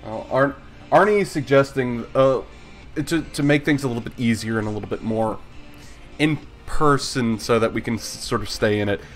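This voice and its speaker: A man's voice: medium pitch, normal speed, soft background music. A man running a live tabletop game stream as game master, chatty and self-mocking.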